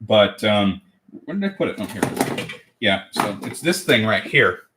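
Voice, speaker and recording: Very animated yet a little slow, a man with a fairly low voice speaks over background noise. A cosplay livestreamer from the United States in his twenties, he crafts while rambling casually to viewers and correcting himself.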